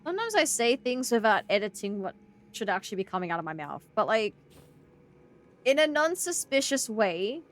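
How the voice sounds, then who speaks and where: A young Australian woman streaming a horror game and chatting casually with her viewers. She is excitable, thinks out loud, and breaks into loud yelling and laughter. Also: fairly high pitch, normal speed. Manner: chatty, talks to chat and thinks aloud. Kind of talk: casual live-stream commentary.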